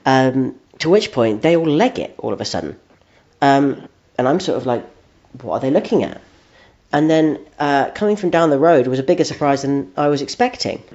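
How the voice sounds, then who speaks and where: A man co-hosting a podcast plays along with a made-up story in a hesitant, dry way. He speaks at a middle pitch, with many pauses. The sound is dull and lo-fi. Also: animated, a little mellow. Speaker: podcast co-host. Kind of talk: comic storytelling. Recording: dull lo-fi recording.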